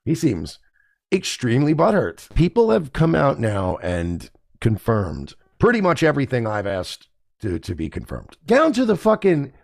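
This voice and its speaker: Ranting to camera with indignation and lots of profanity, this podcast host mocks people in put-on voices. His medium pitch swings hugely, at a moderate pace with vocal fry, recorded in clean studio sound without room noise.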